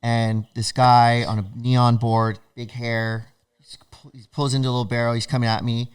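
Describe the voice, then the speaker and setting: A man guest on a podcast, telling stories in an animated, laughing way and acting out what other people said. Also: mid-range voice, moderate pace, clear, resonant tone. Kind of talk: casual storytelling.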